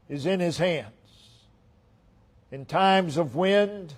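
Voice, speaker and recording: A man preaching a sermon in a high voice, drawing each phrase out slowly. He builds his lines in repeated rhythmic steps, rising loud on the key words and then falling to a near hush. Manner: preaching with swelling emphasis then dropping to near-hushed lines. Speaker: pastor.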